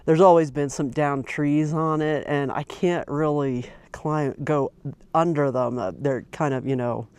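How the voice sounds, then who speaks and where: A middle-aged woman vlogs while hiking a mountain trail outdoors, narrating casually and rambling with many fillers and restarts. Her deep voice is steady, slightly mellow and clean, at a measured pace, with no echo.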